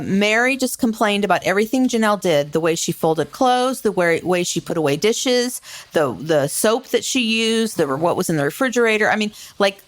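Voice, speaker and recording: Lively, blunt woman podcaster. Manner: opinionated, blunt, retells scenes with lively swings in pitch. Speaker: podcast co-host. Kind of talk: casual chat.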